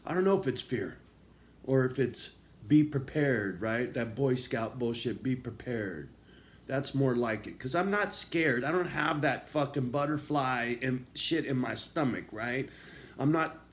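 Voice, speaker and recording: In an animated but measured confessional rant, this vlogger curses constantly. He moves back and forth between subdued, low-voiced speech and furious shouting.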